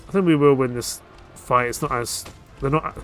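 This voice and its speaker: Faint game music sits behind this let's play host, a man of medium pitch speaking at a moderate pace. He keeps things relaxed, offering casual commentary and mulling over what to do next as he plays.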